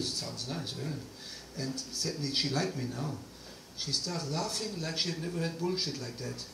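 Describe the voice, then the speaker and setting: A man giving a personal testimony talk, animated storytelling with quoted dialogue, in a hall. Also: fairly high pitch, normal speed, creaky, few pauses, a little hiss or hum. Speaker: guest speaker. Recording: roomy distant hall recording, faint ambience.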